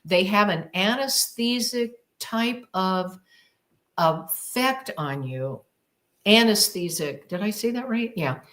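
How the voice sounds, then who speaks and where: A woman recounts a personal experience in an interview, taking her time with each phrase. She tells it vividly and emphatically, repeating words for effect and acting out her own past exclamations. Her voice sits at a middle pitch. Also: lively intonation, slow pace, fairly bright tone. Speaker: podcast guest.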